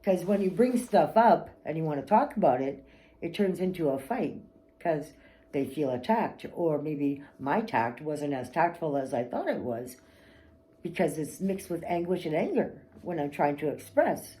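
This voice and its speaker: A middle-aged woman vlogging, telling candid personal stories bluntly and swearing freely, with animated outbursts. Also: deep voice, moderate pace, low-quality recording.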